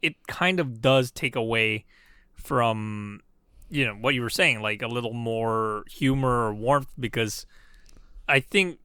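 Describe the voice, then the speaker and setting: A man's voice: mid-range voice, measured pace, clean tone, no room sound, clean studio sound. A man co-hosting a podcast, talking casually and animatedly about films with frequent fillers. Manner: animated, laughs often, many fillers. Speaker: podcast co-host. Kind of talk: casual film discussion.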